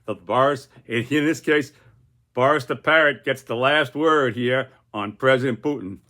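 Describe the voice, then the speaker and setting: A man's voice: medium pitch, moderate pace, bright, forceful tone. An older man who is a political cartoonist, talking through his cartoon in a rambling, casual way with many repeated restarts. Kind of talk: casual video commentary.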